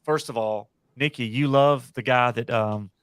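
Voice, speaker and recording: A man's voice: mid-range voice, unhurried, a bit bright, clean tone, no room sound. An American man hosting a casual panel podcast, rambling and correcting himself as he gives strong opinions. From United States. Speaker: podcast host.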